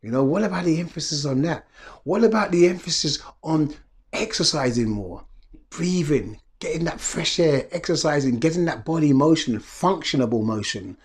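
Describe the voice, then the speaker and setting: A man's voice: on the high side, expressive, normal speed. A middle-aged man, a wellness coach, giving an earnest reflective motivational talk full of repeated rhetorical questions.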